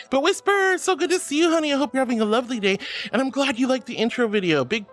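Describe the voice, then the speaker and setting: A woman's voice: high voice, animated, fast, soft background music. Bubbly, giggly woman streamer. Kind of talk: casual livestream chat.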